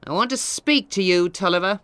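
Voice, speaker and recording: A woman's voice: mid-range voice, a little fast, fairly bright tone, no echo, voice pushed up, lightly acted. A woman voicing a cold, scornful lawyer who speaks curtly.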